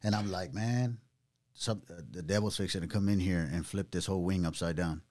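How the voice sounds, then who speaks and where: Middle-aged man, pastor and podcast host, casual animated storyteller. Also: deep voice. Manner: animated storytelling, drawn-out words, casual slang. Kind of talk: conversational testimony.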